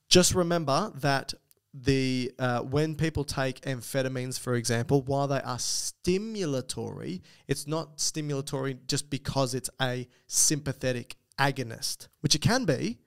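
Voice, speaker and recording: Smooth and mid-range with a creaky edge, this Aussie podcast co-host keeps things casual. He works through listener emails and explanations, tossing in jokes along the way.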